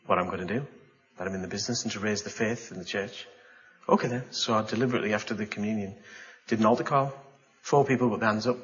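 Animated preacher, bright tone. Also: male voice, medium pitch, muffled recording. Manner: animated storyteller with gasps and exclamations. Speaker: pastor. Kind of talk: sermon.

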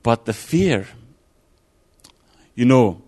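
A man's voice: mid-range voice, sing-song, extremely slow, dark tone, breathy edge. A man delivers an informal sermon in a mid-range voice, speaking as if thinking aloud. He restarts phrases and fills gaps with "um" and "you know", keeping it loose and conversational. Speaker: preacher.

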